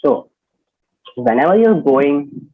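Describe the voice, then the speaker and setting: A man's voice: on the high side, animated, slow pace, faint music behind. Male instructor on a video call, explanatory, often asks "okay?". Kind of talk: online personality development class. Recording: tinny phone-like online call audio.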